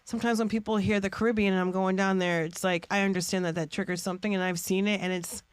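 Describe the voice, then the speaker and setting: A woman's voice: medium pitch, flat delivery, clean tone, no room sound. Brash joking woman comedian guest. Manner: brash, joking riffs, rapid bits. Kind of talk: casual interview chat.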